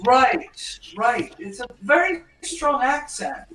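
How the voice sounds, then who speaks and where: A woman's voice: high voice, expressive, slow, a bit bright. A woman chatting as a guest on a casual video call, asking friendly, curious questions. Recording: echoey, distant mic.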